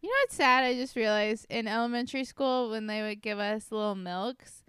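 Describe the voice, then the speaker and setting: A woman with a smooth, clear, somewhat high voice jokes and tells stories on a podcast. Her voice is close and dry, with no room sound. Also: moderate pace, a bit bright, no room sound. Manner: chatty, joking, tells anecdotes. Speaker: podcast co-host. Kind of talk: casual podcast chat.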